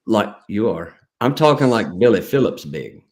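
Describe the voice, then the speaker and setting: A man hosting a casual live stream, joking around, rambling and reading viewer comments out loud. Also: fairly low pitch, sing-song, moderate pace.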